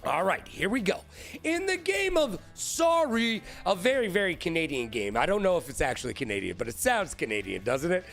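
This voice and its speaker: A man hosting a live-streamed trivia show, hyped and playful, shouting out viewers by name. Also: on the high side, very animated, fast talker, vocal fry, hardly any pauses, soft background music.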